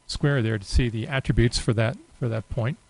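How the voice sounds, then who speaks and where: A man giving a relaxed, unscripted screen-recorded software tutorial, thinking aloud with many fillers. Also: medium pitch, normal speed, poor audio. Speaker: software demonstrator.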